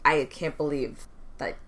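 Young woman, low pitch with a bright edge, telling a true crime case with casual ums. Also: takes it slowly. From West Indian family, immigrant parents. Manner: relaxed storytelling with frequent ums, laughs between lines.

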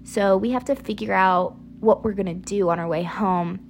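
A woman's voice: medium pitch, moderate pace, slight background noise. A young woman hosting a casual solo podcast, chatty and rambling, laughing often, with a slight picked-up Southern twang. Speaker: podcast host.

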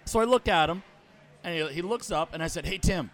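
A man's voice: on the high side, normal speed. Storytelling canadian guy. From Ottawa, Canada. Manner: animated storyteller, acts out quotes loudly. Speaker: podcast host. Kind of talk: casual chat, storytelling.

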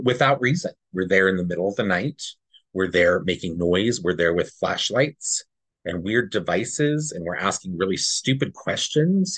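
A man with a deep, husky voice, recorded with no room sound, co-hosts a podcast. He earnestly tells a personal story in a rambling, casual manner, often checking in with "right?".

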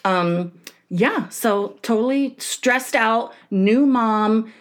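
A woman in her thirties co-hosting a casual podcast. She tells stories in a blunt, profane, animated way, with her voice jumping up in loud bursts. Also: fairly high pitch, extremely slow. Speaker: podcast co-host. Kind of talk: casual chat.

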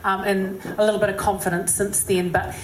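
A woman's voice: medium pitch, flat delivery, fairly quick, roomy sound, a little hiss or hum, low-quality recording. A woman with a New Zealand accent, a singer telling a personal story to a live audience in a chatty, self-deprecating way, full of "you know" fillers. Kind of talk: personal story and encouragement talk.

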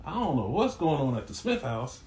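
A man co-hosting a casual, profane chat, expressive and quick to jump into high mocking impressions. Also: echoey room. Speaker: podcast co-host.

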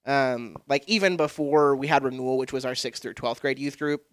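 A young man in casual podcast chat, laid-back, calling people dude and swearing freely, breaking into loud laughs. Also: medium pitch, fairly quick, clear, resonant tone, no echo, clean studio sound. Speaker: podcast co-host, guest on his church upbringing.

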